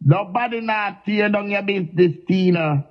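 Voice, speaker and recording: A woman's voice: medium pitch, moderate pace. Jamaican lady ranting mad on a live stream, taunting, keeps repeating the name, kinda muffled lo-fi sound. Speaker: social media personality. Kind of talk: angry live-stream rant.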